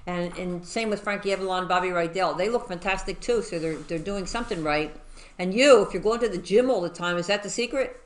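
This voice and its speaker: Effusive female talk host with a lowish voice, relaxed interview chat. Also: brisk. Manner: effusive, complimentary.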